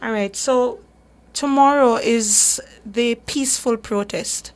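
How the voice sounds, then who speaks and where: A woman's voice: fairly high pitch, takes it slowly. A woman hosting a radio talk show, speaking earnestly and emphatically, often repeating words as she gathers her thoughts. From Jamaica. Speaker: radio show host for a human rights group.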